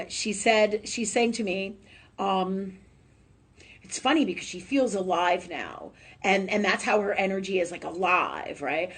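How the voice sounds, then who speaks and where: A woman hosting a live psychic reading, chatty and emotional, laughing often and filling pauses with "um". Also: mid-range voice. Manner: warm, chatty, laughs often, many fillers. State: tearful at times. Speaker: psychic medium host.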